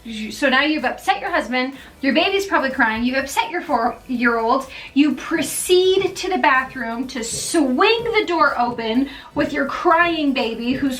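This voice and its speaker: High-voiced woman, chatty encouraging vlogger. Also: a bit bright, far from the mic. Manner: chatty, checks in often with "okay?" and "all right?". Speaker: mom vlogger. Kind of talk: casual encouraging vlog talk.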